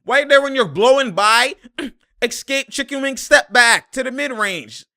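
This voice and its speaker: A young man reacting live to a basketball game, exasperated and slangy, laughing and shouting at the plays. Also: very high-pitched, a little slow. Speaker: sports commentator reacting to a game.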